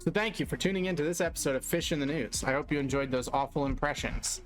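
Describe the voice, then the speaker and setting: A man's voice: fairly high pitch, quick pace, faint music behind. A man casually commenting on fishing news during a live stream, with offhand, wry reactions and mild swearing.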